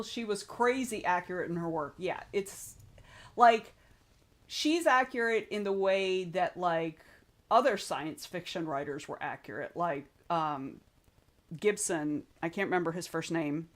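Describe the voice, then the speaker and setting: A woman hosting a writing livestream, reading viewer comments aloud and chatting casually in a rambling way. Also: on the low side. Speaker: writing stream host.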